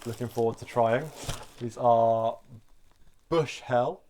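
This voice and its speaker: A man's voice: medium pitch, takes it slowly, mellow, a little hiss or hum. A man co-hosting a casual home vlog, chatty and jokey, reading a postcard aloud. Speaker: co-host. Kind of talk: casual chat.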